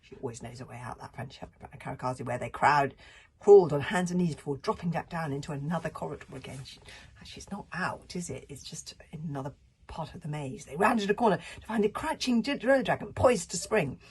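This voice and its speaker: A woman reads a children's novel aloud, pausing for casual comments on the story. Her voice is low and very breathy, and it rises and falls a lot. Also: animated, darkish tone. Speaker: reader. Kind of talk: reading a book aloud with casual asides.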